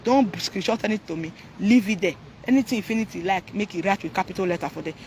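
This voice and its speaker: A man's voice: high-pitched, fast, darkish tone, a little hiss or hum. A man with a Nigerian accent talking to viewers on a live stream, ranting animatedly and mixing Pidgin, Yoruba and English.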